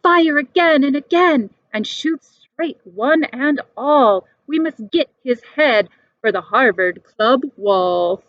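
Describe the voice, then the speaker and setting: Aggressive shouting hunter, as a woman puts him on. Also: high voice, lively intonation, takes it slowly, no room sound. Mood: commanding. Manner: yelling orders. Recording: dull dry recording.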